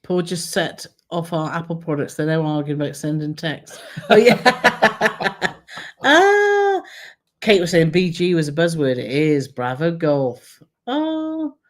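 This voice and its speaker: A woman's voice: deep voice, lively intonation, moderate pace, a little mellow. A woman co-hosting a travel live stream, chatting casually and reading out viewer comments with frequent laughter. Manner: chatty, laughs often, reads comments aloud.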